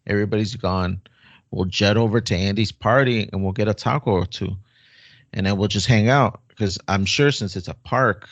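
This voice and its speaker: A man's voice: on the low side, moderate pace, dry recording. A man co-hosting a podcast in casual chat, asking easygoing follow-up questions. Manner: asks follow-up questions in an easy, chatty way. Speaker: podcast co-host.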